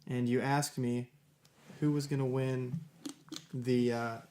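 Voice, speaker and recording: A man's voice: medium pitch, level tone, takes it slowly, darkish tone, slight background noise. A young man on a casual podcast, joking with his co-hosts in a wry, teasing way. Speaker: podcast co-host. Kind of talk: casual banter.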